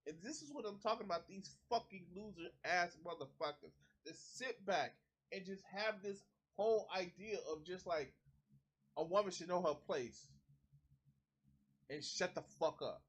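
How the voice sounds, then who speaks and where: A man's voice: high-pitched, expressive, normal speed, husky. A man doing heated reaction commentary, ranting with profanity and mocking impressions. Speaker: commentary streamer.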